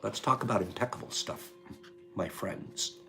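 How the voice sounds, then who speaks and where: A man's voice: fairly low pitch, moderate pace, vocal fry, fairly bright tone, faint music behind. A man hosting a live stream in a casual chat, reading viewers' names and their answers aloud. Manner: reads chat names aloud, rattles off lists.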